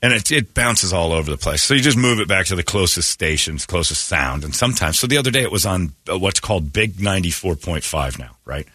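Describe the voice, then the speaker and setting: Animated husky man ranting on radio. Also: low-pitched, brisk, hardly any pauses, dry recording. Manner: animated, ranting, mocking, laughs often. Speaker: morning radio host. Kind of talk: casual on-air banter.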